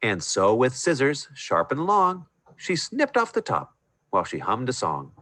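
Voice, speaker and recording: A man reading a rhyming Christmas picture book aloud in a sing-song, expressive way over a video call. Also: mid-range voice, unhurried, no room sound. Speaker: storyteller.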